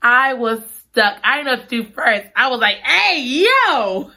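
A woman chatting through a book recap with a bright, forward voice. She gushes and giggles as she talks and piles up repeated exclamations. Her tone stays casual and conversational. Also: on the high side, steady tone, brisk. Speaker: book reviewer.

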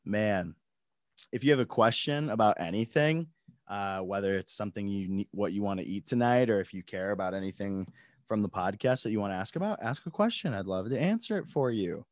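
A man's voice: lowish voice, expressive, a little fast, no room sound. A young man hosting a casual live stream from his home studio, laid-back, laughing often and swearing freely. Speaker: podcast host.

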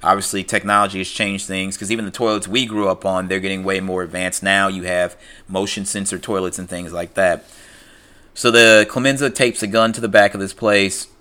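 A man's voice: low voice, steady tone, a little fast, bright, forceful tone. A man casually retelling a film's plot, full of fillers and "he's like" quotes. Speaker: film recapper. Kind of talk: casual spoken film recap.

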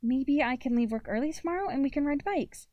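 A woman's voice: sits high, lively intonation, brisk, no echo, muffled recording, voice pushed up. A woman voicing a sarcastic, wistful teenage girl in a storybook reading. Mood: wry.

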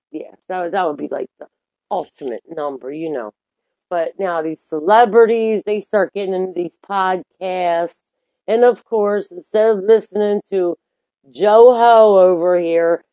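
A woman's voice: on the low side, darkish tone, dry recording. A young adult woman hosting her own podcast in a candid, profane, rambling monologue full of fillers. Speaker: podcast host.

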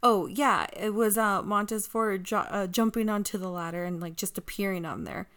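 A woman's voice: mid-range voice, fairly even intonation, normal speed, a bit bright, clear, resonant tone. Giggly, rambling woman podcast co-host. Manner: giggly, rambling, full of "like" and restarts. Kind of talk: casual chat recapping wrestling.

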